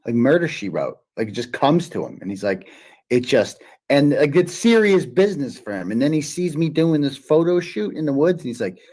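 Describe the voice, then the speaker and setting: A man's voice: medium pitch, very animated, fairly quick, darkish tone. A man hosting a live stream, mocking what he hears in profane, sarcastic casual commentary. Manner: mocking, sarcastic, swears a lot.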